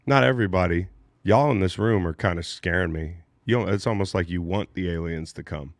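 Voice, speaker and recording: Animated joking host, low male voice. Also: fairly quick, creaky, no echo, clean studio sound. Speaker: podcast host. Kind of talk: casual studio chat.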